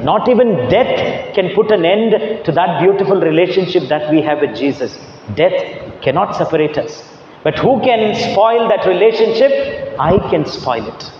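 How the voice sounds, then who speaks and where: A man's voice: fairly high pitch, a little mellow, slight background noise. A man, a Catholic priest, preaching a sermon emphatically and repeating his key lines for weight. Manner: emphatic preaching with heavy repetition. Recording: echoey church hall, dull lo-fi sound.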